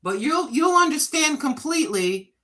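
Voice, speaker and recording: Blunt, bright-voiced woman in her sixties. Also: sits high, sing-song, normal speed. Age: 60s. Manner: blunt, frustrated, swearing freely. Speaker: livestream host. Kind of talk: casual livestream venting.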